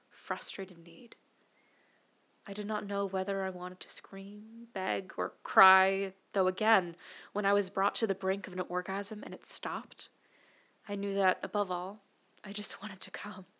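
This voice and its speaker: Woman whispering an erotic story, breathy and intimate, medium pitch. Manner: hushed, breathy, intimate delivery. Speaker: narrator.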